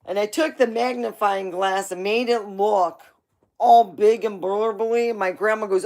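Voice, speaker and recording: A woman hosts a livestream and casually rambles through family stories, laughing a lot and swearing occasionally. Her mid-range voice is creaky and a little mellow, with a steady tone and an unhurried delivery.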